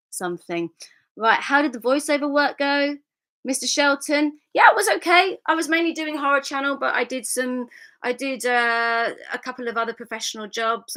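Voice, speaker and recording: A woman's voice: mid-range voice, bright, forceful tone. A middle-aged woman, an actress chatting candidly with fans as she reads out their comments, laughing often. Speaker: actress hosting a live fan Q&A. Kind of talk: casual chat reading viewer comments.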